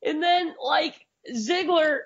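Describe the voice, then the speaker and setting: A man's voice: extremely high pitch, slow, a bit bright. A man co-hosting a wrestling review podcast, chatting casually and joking about the commentators. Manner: jokey, mocks commentators in silly voices. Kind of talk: casual chat. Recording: dull lo-fi audio.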